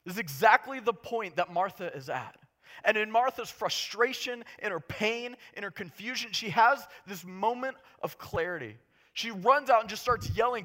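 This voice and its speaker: A man preaching a sermon as a pastor, impassioned and swinging between hushed storytelling and loud, urgent delivery. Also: high voice, very animated, moderate pace.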